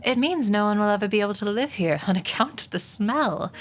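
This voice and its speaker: A woman voicing a gentle, wise female spider with a sweet, measured way of talking. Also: mid-range voice, animated, close to an everyday voice. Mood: calm.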